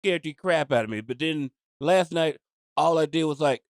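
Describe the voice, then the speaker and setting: A man with a high voice rants to the host in an animated, emphatic way, repeating lines for effect and laughing as he goes. The sound is dry and close to the mic. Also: moderate pace, dry recording. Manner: animated, emphatic storyteller who repeats himself for punch. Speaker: podcast guest. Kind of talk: casual chat.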